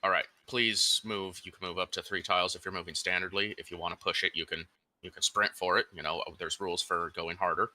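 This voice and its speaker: A man's voice: low voice, flat delivery, a little fast, sharp tone. A man acting as game master, explaining rules in an easygoing way and laughing readily. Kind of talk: running a tabletop game.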